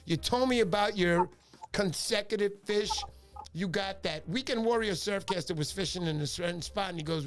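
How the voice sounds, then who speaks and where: A man hosting a fishing livestream, telling stories in an animated way and shouting out his viewers. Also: high-pitched, a little fast, faint music behind. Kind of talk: casual livestream chat.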